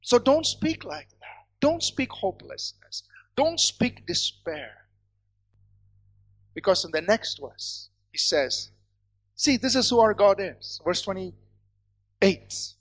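A preacher delivering a sermon, calling on the congregation to respond and swinging between loud proclaiming and hushed, low asides. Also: very animated, slow.

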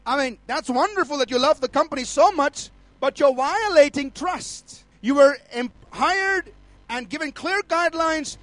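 A man's voice: very high voice, normal speed, a bit bright, dry recording. A middle-aged man, a pastor preaching a sermon emphatically and calling out to his audience.

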